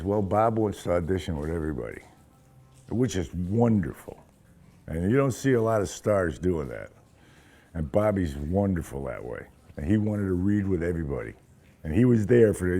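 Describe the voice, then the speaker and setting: An older man, an actor, telling animated, profane anecdotes in an interview and acting out the quotes. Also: low voice, moderate pace.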